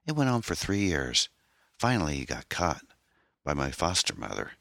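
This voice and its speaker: Man reading as a young woman, raised voice, lively, halting, guarded orphan. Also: extremely low pitch, creaky, dry recording, clean studio sound, pitched above the performer's own voice, full character voice. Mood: guarded, pained. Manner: hesitant, halting and pained.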